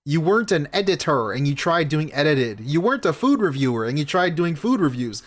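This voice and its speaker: Male reaction streamer, angry profane rants, very lively pitch. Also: normal speed. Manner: angry, swearing, mocking rants.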